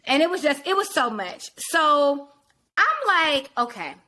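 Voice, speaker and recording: A woman hosting a podcast, telling a casual and profane story in an animated way, jumping in and out of quoted voices. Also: high voice, measured pace. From rural area. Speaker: podcast host.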